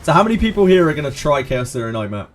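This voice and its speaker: A man's voice: on the high side, very animated, very fast. A man streaming games, chatting casually with viewers, answering them by name and laughing often. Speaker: game streamer. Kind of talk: casual live-stream chat.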